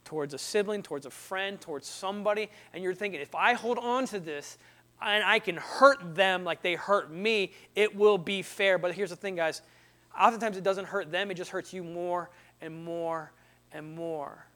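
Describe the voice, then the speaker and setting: A young man with a strikingly high, bright voice speaks to a live audience in the manner of a youth talk. He tells personal stories energetically, slipping into little acted-out voices and sound effects. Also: moderate pace.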